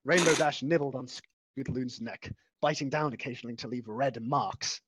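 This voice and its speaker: A man's voice: mid-range voice, normal speed, noisy background. A man reading a story aloud in a casual, unpolished way, stumbling over words and restarting them as he goes. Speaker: amateur reader.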